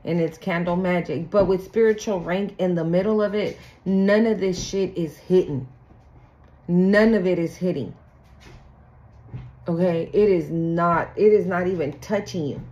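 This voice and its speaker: A woman's voice: lowish voice, a little slow, mellow, dull audio. A woman doing a casual spiritual tarot reading, blunt and profane, acting out the people she talks about. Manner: blunt, profane, acts out quoted people in sing-song voices. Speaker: tarot reader.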